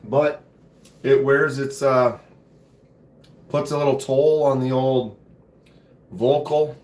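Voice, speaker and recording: A man with a hoarse voice hosting a casual live stream from his home knife room, laid-back and chatty, often clearing his throat. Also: medium pitch, fairly even intonation, slow pace, darkish tone, roomy sound. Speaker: knife channel host.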